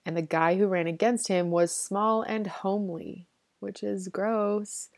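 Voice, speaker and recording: A woman's voice: mid-range voice, steady tone, unhurried, darkish tone, no echo. A woman giving a casual, chatty retelling of a novel's plot, with a slangy way of talking and frequent "like". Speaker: book summary presenter. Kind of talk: casual book summary.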